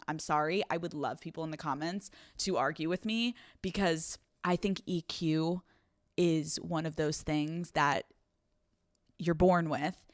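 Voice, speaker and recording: A woman's voice: sits low, measured pace, dry recording, clean studio sound. A young woman hosting an advice podcast, talking bluntly and swearing freely, running on no sleep. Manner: blunt, profane, animated; acts out scenes with quoted voices. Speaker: podcast host.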